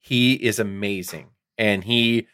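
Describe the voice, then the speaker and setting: A middle-aged man co-hosting a podcast in casual chat, rambling and excitable, swearing often as he talks. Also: fairly low pitch, takes it slowly, clear, resonant tone, no room sound, studio quality. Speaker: podcast co-host.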